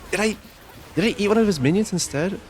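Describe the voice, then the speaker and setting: A man streaming live and reacting to his game in quick, exclamatory bursts, often scolding himself. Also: high-pitched, darkish tone, slight background noise. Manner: reactive, exclamatory, self-critical. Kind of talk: live gameplay commentary.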